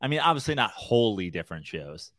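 A man's voice: lowish voice, sing-song, quick pace, fairly bright tone, dry recording. A male comedian co-hosting a podcast, chatting casually and rambling with lots of filler words. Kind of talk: casual chat.

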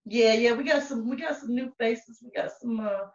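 A woman's voice: on the high side, moderate pace, a little mellow. A woman co-hosting a podcast in rowdy, profane casual chat, laughing often. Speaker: podcast co-host. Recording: echoey, distant, dull mic.

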